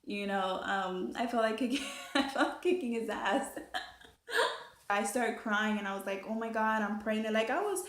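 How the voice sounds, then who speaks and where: A young woman telling her story in a casual, animated way, full of fillers and swearing. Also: fairly high pitch, normal speed. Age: young adult. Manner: chatty, animated, swears freely, many fillers. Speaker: vlogger. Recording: echoey room.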